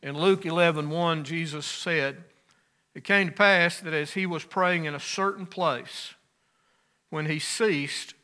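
Man, pastor, sermon, bright voice, fairly high pitch, earnest. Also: measured pace, clean tone. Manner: earnest preaching, swelling louder on key phrases then dropping soft.

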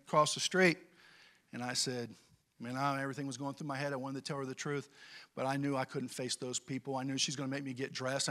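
A middle-aged man from California preaching a sermon and telling a childhood story, swinging from quiet to loud as he goes. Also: a little high. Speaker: pastor.

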